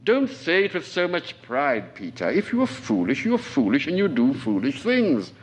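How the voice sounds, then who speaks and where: Reading aloud at a moderate pace, this medium-pitched man is very animated as he plays an aging colonel. The character is stern, cutting and domineering, addressing his staff in a clipped, scornful way and snapping into sudden sharp outbursts.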